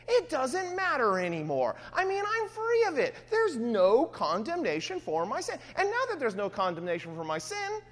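A woman preaching a sermon, reading scripture aloud and acting out voices in an animated way. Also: high voice, moderate pace, few pauses, long reverb tail.

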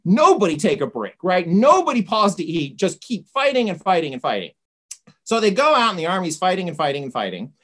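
A woman's voice: lowish voice, sing-song, brisk, a bit bright. A woman giving an informal lecture, retelling a story conversationally and often checking in with "right?".

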